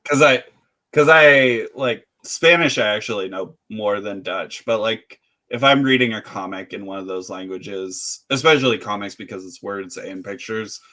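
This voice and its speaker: A man co-hosting a podcast in relaxed casual chat, rambling with plenty of filler words. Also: on the low side, moderate pace. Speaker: podcast co-host.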